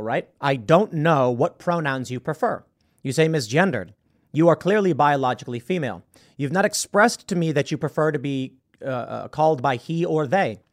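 A male podcast host arguing his point in opinion commentary. His voice swings widely in pitch and sits slightly high for a man. He talks emphatically and stumbles into repeated words when he restarts. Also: lively intonation, normal speed.

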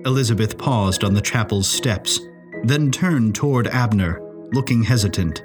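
A man narrating a serialized mystery story in an expressive, measured way. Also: lowish voice, soft background music. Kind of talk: audio drama story narration.

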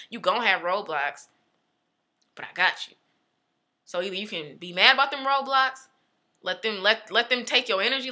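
A young adult woman talking in casual chat, telling a personal story with emphatic, animated delivery. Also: on the high side.

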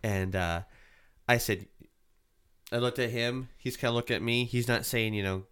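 A man's voice: mid-range voice, normal speed, clean tone. A man in casual chat, telling a story with plenty of swearing and acting out the other people's voices. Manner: animated storyteller, swears often, acts out voices. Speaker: haunted attraction worker.

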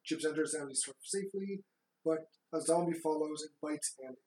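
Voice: medium pitch, brisk, darkish tone. A co-host plainly summarizing a movie plot in casual chat, with fillers and restarts. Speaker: podcast co-host. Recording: roomy echo.

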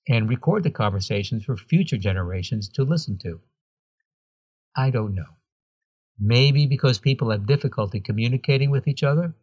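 Husky man with dry asides. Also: lowish voice, a little mellow, dry recording, muffled recording. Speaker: podcast host. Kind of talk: scripted segment reading with wry asides.

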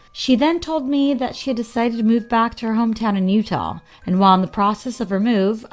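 A woman co-hosting a podcast, reading scripted narration in a measured, read-aloud way. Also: medium pitch. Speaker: podcast co-host.

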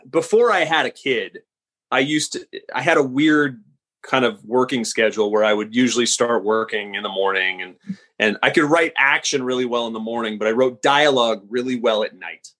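A man's voice: mid-range voice, moderate pace, fairly bright tone. A man, a screenwriter guest on a podcast, reflective and self-deprecating, with hesitant fillers. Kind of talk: casual interview chat.

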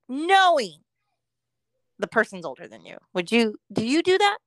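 A woman's voice: medium pitch, big pitch swings, measured pace, pauses often, no echo, rough recording. A middle-aged woman co-hosting a podcast in casual chat, talkative and laughing often as she quotes people. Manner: chatty, laughing often, quoting others in voices. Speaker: podcast co-host.

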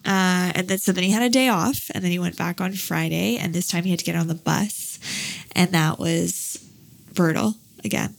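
A woman in her thirties with a lowish voice and a gravelly edge, talking casually. She tells a long personal story about her child, with plenty of fillers along the way. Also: moderate pace. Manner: chatty storytelling, many fillers. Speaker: parent. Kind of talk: casual chat.

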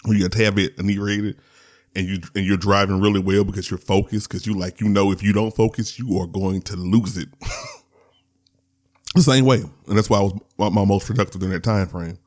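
A man's voice: fairly low pitch, fairly even intonation, brisk, darkish tone. A man hosting a podcast, telling a personal story in a candid, rambling way. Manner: candid, rambling, with laughs and restarts. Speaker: podcast host.

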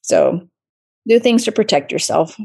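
Female guest, late 30s, doctor; conversational, expressive, acts out quotes. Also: mid-range voice, a little slow, creaky, husky. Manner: lively storyteller who acts out quoted voices. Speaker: guest physician. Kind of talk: casual interview chat.

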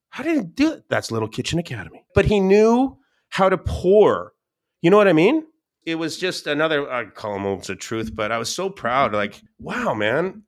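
A man, a podcast guest, telling stories in a lively casual way, often laughing and repeating words. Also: on the high side. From Scottish-English family. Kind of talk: casual storytelling.

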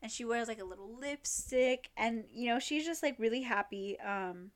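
A woman's voice: on the high side, normal speed. A woman in casual chat, retelling a drama plot in a rambling way full of fillers and acted quotes. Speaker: co-host recapping a drama.

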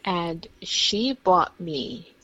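Woman, lower voice, chatty, rambling, casual conversation. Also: expressive, extremely slow, a bit bright, no echo, dull audio. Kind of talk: casual chat among friends.

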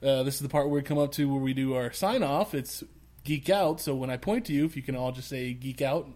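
A man's voice: medium pitch, fairly quick, darkish tone. A man hosting a podcast in casual chat, laid-back and restarting his phrases. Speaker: podcast host.

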